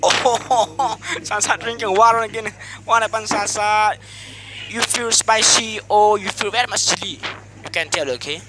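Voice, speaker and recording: A man's voice: high voice, a little slow, background noise. A man hosting an eating contest among friends, calling it like playful sports commentary, teasing the players and laughing often. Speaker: host commentating a mukbang contest.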